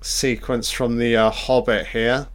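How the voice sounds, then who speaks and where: A man talks over a film as it plays, reacting with excitement and cursing freely. His delivery is slow and drawn out, with an ordinary mid-range pitch. He sounds like a fan chatting casually rather than a polished presenter. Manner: excitable, heavy swearing, reacts aloud to the screen. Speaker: film commentator.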